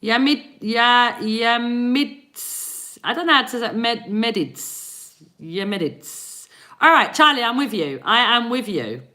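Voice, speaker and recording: A woman's voice: a little high, animated, unhurried, pushed and bright. A woman in her forties from England with an English accent, chatting with viewers on a live stream and laughing often. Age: 40s. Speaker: energy reader doing live readings.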